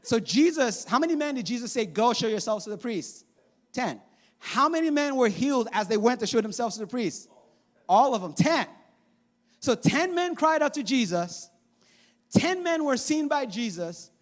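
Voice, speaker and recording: Very high-voiced man preaching a sermon. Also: normal speed. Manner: animated, acting out voices in the story. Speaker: pastor. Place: church sanctuary.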